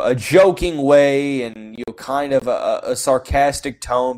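A man's voice: medium pitch, a little mellow. Rambling man talking college basketball. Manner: rambling, heavy "you know" fillers, frank opinions. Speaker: sports podcast host. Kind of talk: casual solo sports commentary.

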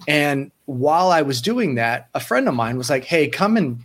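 A man's voice: medium pitch, normal speed. A man in his thirties, a sports psychology coach, telling stories in a casual interview and acting out the people he quotes. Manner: animated, acts out quoted voices, frequent restarts.

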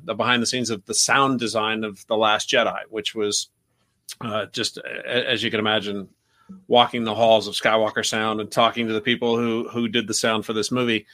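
An American man speaks as a guest on a casual podcast. He talks at a medium pitch and often stumbles and repeats words as he finds his thoughts. His tone stays relaxed and conversational. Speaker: journalist guest.

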